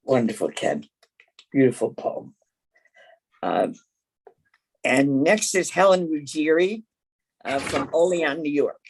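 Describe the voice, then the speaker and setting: Husky host losing their voice. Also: medium pitch, expressive, takes it slowly, pauses often, poor audio. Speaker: event host. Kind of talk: introducing readers.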